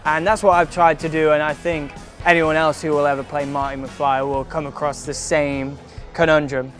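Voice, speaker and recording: A man's voice: fairly high pitch, little pitch movement, normal speed, soft background music. A young British man, a stage actor, explaining his craft thoughtfully in a casual interview. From Britain.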